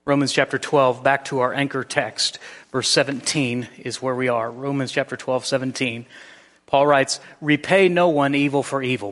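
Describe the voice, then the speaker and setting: A pastor preaching a sermon, telling a story with shifting emphasis. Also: male voice, mid-range voice, steady tone, normal speed, fairly bright tone, big-room sound.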